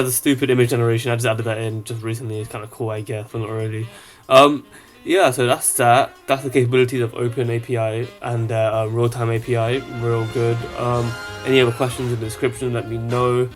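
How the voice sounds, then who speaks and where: A man casually showing off an app he built, rambling with lots of fillers. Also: mid-range voice. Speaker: app developer. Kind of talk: casual product demo.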